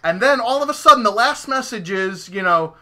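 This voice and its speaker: A young man, a podcast host, telling a story in casual chat, animated and profane, acting out his own reactions. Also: sits high, fairly quick.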